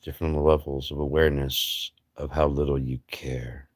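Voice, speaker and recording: A man's voice: very deep voice, level tone, moderate pace, husky, no room sound, studio quality. A man hosting a livestream, rambling through a blunt, profane philosophical monologue full of rhetorical questions and mocking asides. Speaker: livestream host.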